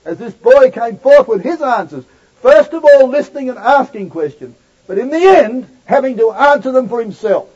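A man preaching a sermon in a high voice, turning suddenly from loud, ringing declamation to hushed, intimate asides. The recording is dull and lo-fi, with the top end muffled. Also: lively intonation, normal speed.

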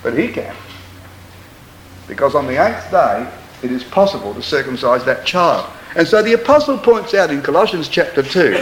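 A man preaching a sermon, stressing words slowly and reading scripture in a stately cadence. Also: fairly high pitch, very animated, reverberant, slight background noise, rough recording. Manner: emphatic, slow deliberate stresses on words.

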